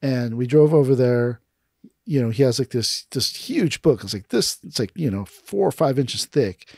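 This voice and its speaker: Guy who teaches aikido, chatting on a podcast, mid-pitch voice, dry close sound. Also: moderate pace, vocal fry, slightly rough, dry recording. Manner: storytelling, animated when quoting others. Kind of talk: casual podcast conversation.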